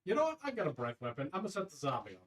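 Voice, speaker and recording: A man's voice: fairly high pitch, huge pitch swings, rapid-fire, a little hiss or hum. A man playing a tabletop game, talking in a laid-back, wry way. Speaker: player. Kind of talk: casual game chat.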